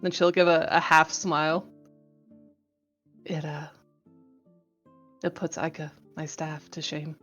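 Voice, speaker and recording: A woman describing her character's actions in a tabletop game, soft and hesitant. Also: sits low, level tone, takes it slowly, long pauses, dull audio, faint music behind. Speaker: player.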